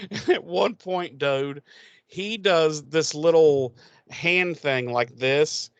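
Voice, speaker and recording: A man's voice: fairly high pitch, slow, no echo, muffled recording. Swearing man in dry casual podcast chat. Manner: swearing, animated, quotes characters in put-on voices. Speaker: podcast co-host. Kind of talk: casual chat recapping a TV episode.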